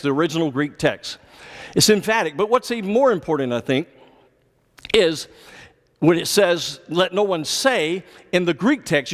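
A male pastor preaching a sermon, explaining scripture and pressing his points with emphatic, repeated commands. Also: sits high. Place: church sanctuary. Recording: long church reverb.

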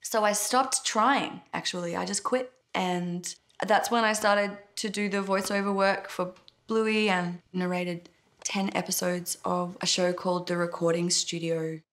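A woman's voice: lowish voice, fairly even intonation, unhurried, a bit bright. An Australian woman, a singer, talking candidly in an interview, with a light stutter and some self-mocking laughs. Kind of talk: reflective interview.

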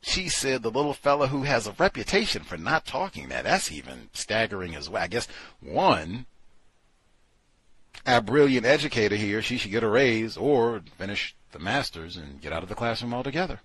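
A man hosting a talk show with an animated, sardonic delivery that swings widely in pitch. His voice is husky yet forceful, recorded dry and close. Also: normal speed, no echo. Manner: animated, sardonic, conversational with fillers. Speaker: radio show host. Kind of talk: casual talk-show commentary.

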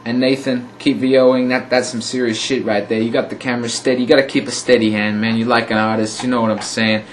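Young guy, goofy crude vlogger, ordinary pitch, faint street noise behind. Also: flat delivery, fast talker. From Australia. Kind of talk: casual joking chat to camera.

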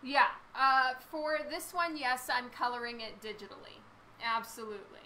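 A woman artist chatting casually with her live-stream viewers while she draws, laughing often, her voice a little hoarse. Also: on the high side, normal speed, pushed and bright, a little hiss or hum, poor audio. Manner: chatty, laughs often, reads and answers chat. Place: home studio with a fan running.

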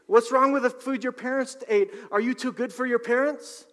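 A man playing indignant yelling shoppers. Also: very high voice, fairly even intonation, moderate pace, voice pushed up. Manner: shouting, accusing. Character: angry shouting shoppers, scolding and indignant. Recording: long reverb of a large hall.

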